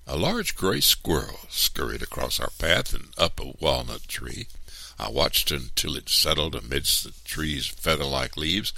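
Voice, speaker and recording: A man reads a storybook aloud, unhurried and expressive. His voice is very deep and gravelly, yet bright on top, and it swings widely in pitch. The sound is dry and close. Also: no echo.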